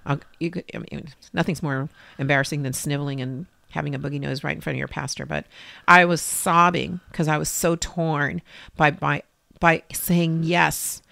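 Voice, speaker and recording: A middle-aged woman shares a heartfelt story in an interview, her voice carrying a gravelly edge. She acts out old conversations with feeling, in a dry, close recording. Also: sits low, steady tone, normal speed, a bit bright, no room sound. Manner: emotional storytelling, acting out dialogue. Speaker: interview guest. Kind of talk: personal faith story in conversation.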